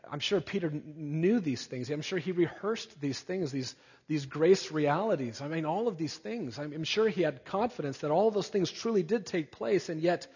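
Male preacher, earnest sermon, kinda high voice, dull lo-fi sound echoing in a big hall. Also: husky. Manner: earnest, building to emphatic peaks, then dropping soft.

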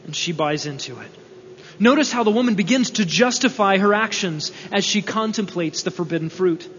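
High-voiced man preaching in an echoing hall. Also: lively intonation, moderate pace, a bit bright. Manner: earnest, explanatory, rhetorical questions. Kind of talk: expository sermon. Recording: dull, reverberant hall recording with faint hum.

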